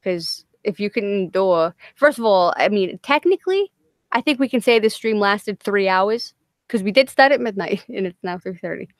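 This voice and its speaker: This is a woman hosting a casual livestream deep into the night. She sounds tired and loopy, swears freely, laughs a lot and rambles. Her voice is of average pitch, recorded close with almost no room sound. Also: lively intonation, moderate pace, no echo. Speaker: livestream host.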